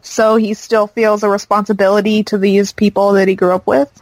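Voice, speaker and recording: A woman's voice: mid-range voice, level tone, fairly quick, a little mellow, dry recording, rough recording. Chatty woman with a dry close sound. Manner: chatty, rambling recap with fillers. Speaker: podcast co-host recapping a show. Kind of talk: casual chat.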